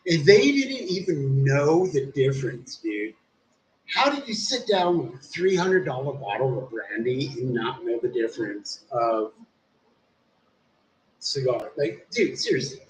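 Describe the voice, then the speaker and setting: A man's voice: mid-range voice, sing-song, unhurried. A tipsy man telling a rambling, profane story on a casual livestream, saying "dude" a lot. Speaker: live streamer. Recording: roomy echo, faint background hum.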